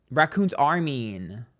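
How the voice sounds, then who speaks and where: A man hosting a psychic livestream, telling stories in a sassy, dramatic, profane way, speaking quietly on a train. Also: mid-range voice. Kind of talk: casual livestream chat.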